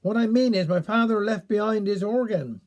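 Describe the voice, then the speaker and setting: A man's voice: high voice, normal speed, lightly acted. A man with a Cornish accent voicing a muddled, rambling village man in a spoken story.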